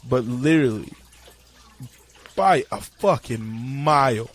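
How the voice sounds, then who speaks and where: A man co-hosting a podcast in casual chat, blunt and profane, often talking in quick bursts. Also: mid-range voice, lively intonation. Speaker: podcast co-host.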